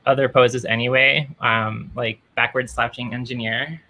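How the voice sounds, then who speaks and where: A woman's voice: extremely low pitch, steady tone, moderate pace, sharp tone, slight background noise. A woman performing a stand-up set over a video call, dry and self-deprecating, acting out quoted lines. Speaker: stand-up comedian.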